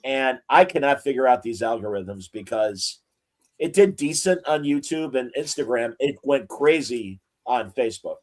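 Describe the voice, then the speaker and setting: A congested man down with the flu, talking at an ordinary middle pitch. He rambles through his stories with plenty of "uh"s in a loose, casual podcast chat. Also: animated. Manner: rambling, halting storyteller with many "uh"s. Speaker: podcast co-host.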